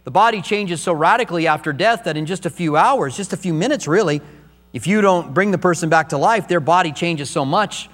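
A man's voice: on the high side, a little fast, a bit bright, big-room sound. A middle-aged man preaching a sermon as pastor, emotional and rising to urgent emphasis.

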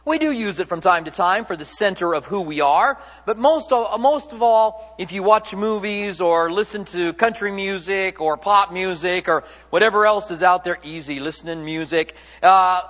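High-voiced man preaching in a reverberant church. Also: animated, moderate pace, few pauses, fairly bright tone. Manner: conversational, joking preaching with self-corrections. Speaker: pastor. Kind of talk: sermon.

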